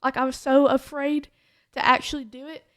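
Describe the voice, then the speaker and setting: A young-sounding woman talks through her testimony on a podcast, her voice sitting high. She rambles casually, leaning on "like" and restarting her sentences, and the sound is dry and close with no room echo. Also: flat delivery, a little fast, a bit bright. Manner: chatty, full of "like" fillers.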